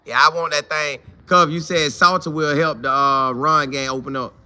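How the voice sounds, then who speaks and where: Bright-voiced man hosting a casual fan stream. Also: a little high, fairly even intonation, moderate pace, smooth. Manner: greets viewers by name, repeats phrases for emphasis. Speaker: host of a college football fan show. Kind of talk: casual live-stream chat reading viewer comments.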